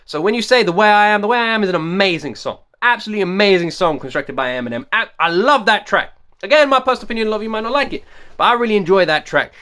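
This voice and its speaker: A man hosts a music reaction video. He talks quickly in a high, bright voice. He hammers his points home with repeated rhetorical questions. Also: expressive. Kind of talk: excited music reaction commentary.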